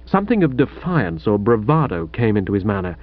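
A man's voice: fairly low pitch, sing-song, a little fast. A man narrating a comic first-person novel with wry, mock-grand storytelling, in a slightly muffled audiobook recording.

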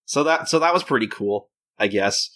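A man's voice: mid-range voice, animated, moderate pace, fairly bright tone. A man hosting a casual podcast chat, rambling with many restarts and acting out lines. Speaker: podcast host.

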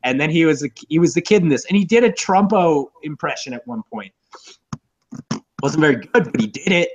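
A man's voice: a little high, expressive, brisk, slight background noise. A young man co-hosting a casual movie podcast, rambling and profane, laughing often. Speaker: podcast co-host. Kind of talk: casual movie review chat. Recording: dull lo-fi audio.

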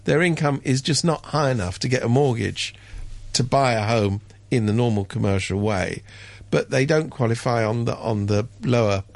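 A man chatting on a radio show, wry and sardonic, mimicking people in sudden high voices. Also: moderate pace, gravelly, dry recording. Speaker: radio commentator. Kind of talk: casual radio chat.

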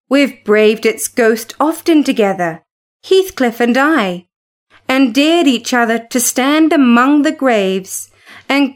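A feverish, haunted young woman pours out dramatic pleas in a high, slow voice, as a woman narrator puts her on. She speaks with wild longing and bitterness in this storybook reading. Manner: pleading and dramatic.

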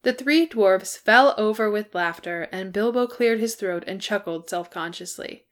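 A woman narrating a storybook chapter in an even, measured way. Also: medium pitch. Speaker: fan fiction reader. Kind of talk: storybook reading.

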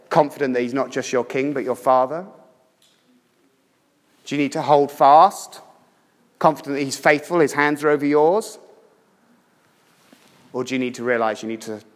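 A man delivers a sermon in a mid-pitched voice, pressing his points with emphatic storytelling. He swings from loud, urgent lines to hushed, intimate ones. His voice rings out with the long reverb of a church hall. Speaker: preacher.

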